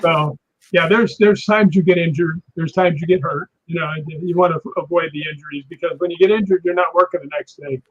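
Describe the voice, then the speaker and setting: Husky high-voiced man telling stunt stories. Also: fairly quick. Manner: animated, acts out impacts with sound words. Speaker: stunt performer guest. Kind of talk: anecdotal storytelling on a live show. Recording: dull lo-fi sound.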